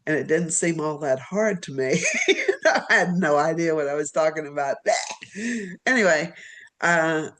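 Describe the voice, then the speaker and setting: Rambling, animated woman telling stories. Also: low-pitched, a little slow. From Virginia, US. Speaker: literary agent, podcast guest. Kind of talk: storytelling in an interview.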